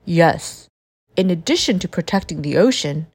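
A woman's voice: on the low side, animated, normal speed, darkish tone, slightly rough. A woman voicing a kindly male seagull marine police officer in a children's story, explaining patiently and politely. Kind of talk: storybook character voice.

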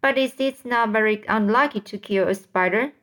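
A woman's voice: on the high side, animated, a little slow, a bit bright. A woman voicing a polite, curious young boy asking earnest questions in a storybook reading.

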